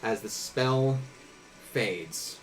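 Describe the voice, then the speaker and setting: A man's voice: fairly low pitch, animated, drawn-out words, a little hiss or hum, rough recording. A man narrating a tabletop game as game master, casual and descriptive, with restarts.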